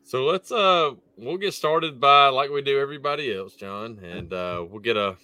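A man's voice: mid-range voice, normal speed, sharp tone, no echo. A man co-hosting a podcast, chatting casually with teasing, dry humor. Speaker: podcast co-host. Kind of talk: casual chat.

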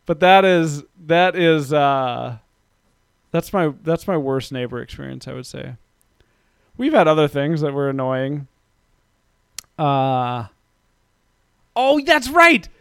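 A man in his thirties telling a story in a casual, profane rant that grows heated and loud. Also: a little high, expressive, takes it slowly, gravelly, pauses often, clean tone, no room sound, studio quality. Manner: ranting, profane, gets heated and loud when recounting.

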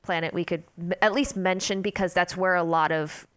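Woman podcast co-host, lower register, rambling fan chatter, dry close sound. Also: fairly even intonation, a little fast, fairly bright tone, clean tone, no echo. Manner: chatty, rambling, laughs often. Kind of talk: casual fan chat.

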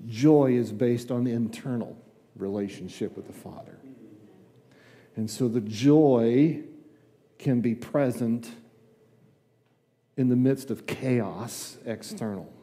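Slow and often pausing, this older man speaks with a medium-pitched, dark voice in a large hall. As a district superintendent guest-preaching in a church sanctuary, he keeps his sermon chatty and folksy, performing little dialogues with asides.

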